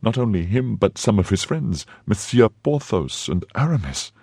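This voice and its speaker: A man's voice: lowish voice, very animated, normal speed, gravelly, a little mellow, breathy edge, no room sound, studio quality, voice pushed up, heavily acted. A man voicing a young, trusting and lovesick novice nun in a raised, earnest tone. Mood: anxious.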